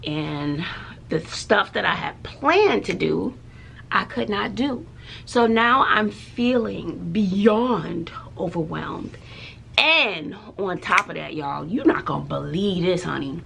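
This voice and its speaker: A middle-aged woman talks straight to her viewers in a chatty vlog. Her voice has a gravelly edge, and she takes her time. She tells her stories with drama and often drops to a hushed aside. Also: lowish voice, animated, slow, slight background noise. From Texas. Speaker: schoolteacher and mother. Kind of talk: casual chatty vlog storytelling.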